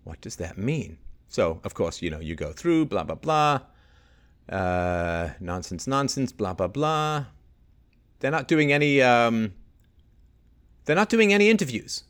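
Sarcastic, lively male livestream host. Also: mid-range voice, unhurried. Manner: sarcastic, exasperated, rhetorical questions. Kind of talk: solo livestream commentary, reading news aloud.

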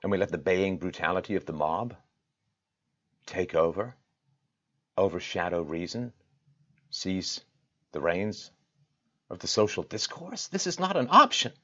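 A man hosting his own show, speaking straight to his audience with impassioned, rhetorical delivery that swings from loud peaks to quiet intensity. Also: sits low, measured pace, long pauses, lo-fi sound. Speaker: show host. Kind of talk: direct-to-camera address.

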